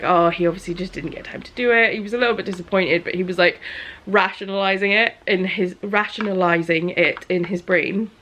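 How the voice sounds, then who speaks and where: A woman, chatting casually to camera in her small business vlog, animated and laughing as she tells a story. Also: mid-range voice. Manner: animated storyteller, acts out quotes, laughs often.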